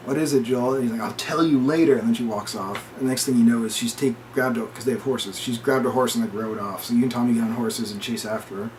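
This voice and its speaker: A man's voice: medium pitch, fairly even intonation, fast talker, hardly any pauses, darkish tone, a little hiss or hum. Rambling man retelling a game plot. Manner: rambling retelling with quoted dialogue. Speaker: podcast co-host. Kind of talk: casual spoiler chat.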